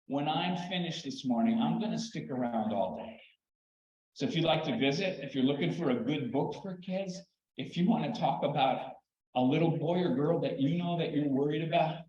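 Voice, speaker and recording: An older man speaks in a high, light voice, telling stories with lively, animated pacing and long dramatic pauses. He is giving a keynote talk in a large hall, and his voice echoes around the room. The recording sounds a little dull and muffled. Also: slight background noise. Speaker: keynote speaker, children's therapist. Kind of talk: storytelling conference talk.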